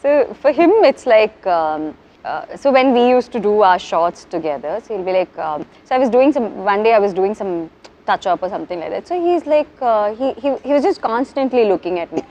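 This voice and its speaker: A woman, an actress chatting as an interview guest, telling animated stories and acting out quotes with frequent laughter. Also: mid-range voice, fast, highs cut off. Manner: animated storyteller, acts out quotes, laughs often. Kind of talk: casual interview chat.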